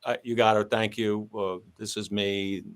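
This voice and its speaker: A former police sergeant's smooth voice, on the low side, keeps a measured pace as he narrates a long story in conversation. He gets animated, shifting his voice to act out the exchanges between the people involved.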